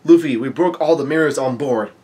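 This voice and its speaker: A man's voice: medium pitch, brisk, mellow, close to an everyday voice. A man reading aloud the lines of a polite male skeleton musician from a manga, in his own voice. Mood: warning.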